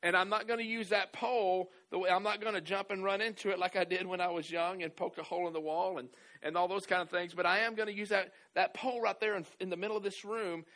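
A man's voice: high voice, steady tone, quick pace, few pauses, fairly bright tone. A male pastor preaching a sermon in a church hall, stressing key words, repeating phrases and often restarting his sentences. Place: church hall with a pole in the room.

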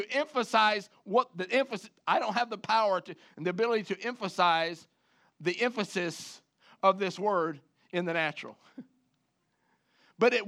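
A man's voice: high-pitched, vocal fry. A male pastor delivering an emphatic sermon to a congregation in church. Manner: emphatic, rising to loud preaching.

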